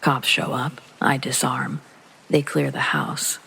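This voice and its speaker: A man narrating a first-person horror story in a calm, low-key reading that often sinks to a soft whisper, with rain behind him. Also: slow, gravelly, breathy edge, rough recording. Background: rain sounds.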